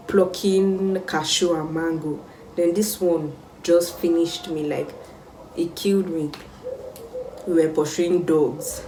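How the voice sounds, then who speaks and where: A young Nigerian woman telling a casual storytime vlog, animated and exclamatory. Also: lowish voice, slow, recorded from a distance, a little hiss or hum. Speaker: vlogger. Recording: roomy sound, mic set back.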